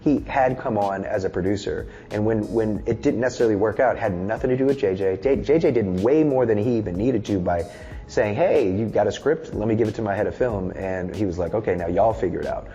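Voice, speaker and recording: A man's voice: on the low side, brisk, warm tone, lo-fi sound, soft background music. A man in his thirties talking in a casual interview, loose, candid and often swearing. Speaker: musician and film director, guest.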